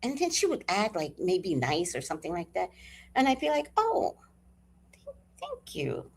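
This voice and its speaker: An older woman hosting a casual stream, telling animated stories with laughter and blunt swearing. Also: lowish voice, brisk, slight background noise. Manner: animated, laughing, salty-tongued storyteller. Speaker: livestream host. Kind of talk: casual chat.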